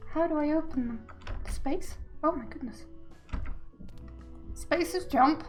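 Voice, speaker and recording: A woman's voice: sits high, slow, soft background music. A woman streamer chatting casually while playing a game, chatty and self-mocking. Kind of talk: casual gameplay commentary.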